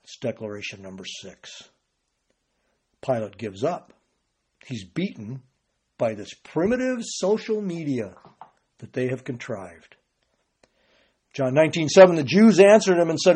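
Male preacher, husky voice, earnest sermon that swells to emphatic bursts. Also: mid-range voice, sing-song, a little slow, pauses often, warm tone. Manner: earnest, rising to emphatic bursts, repeats words.

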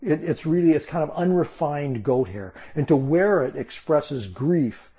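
A man's voice: a little high, expressive, unhurried, warm tone, highs cut off. A man preaching an expository sermon, explaining a passage emphatically and sometimes restarting his phrases. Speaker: Bible teacher.

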